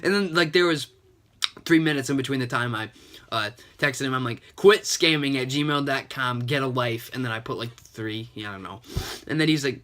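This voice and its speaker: A young man vlogging about a video game in a chatty, sarcastic way. His voice is bright and forward, at an everyday middle pitch. He sounds a little sick, with the odd sniffle. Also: lively intonation, normal speed. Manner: chatty, retelling a chat with lots of "and he's like". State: slightly sick, coughing and sniffling. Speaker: gaming YouTuber. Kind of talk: casual gaming vlog commentary.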